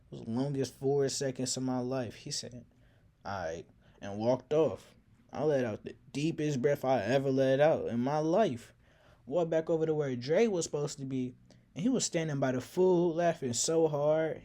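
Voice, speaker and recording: Dark-voiced man telling a story. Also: mid-range voice, moderate pace. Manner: casual slangy, reflective. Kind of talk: personal storytelling.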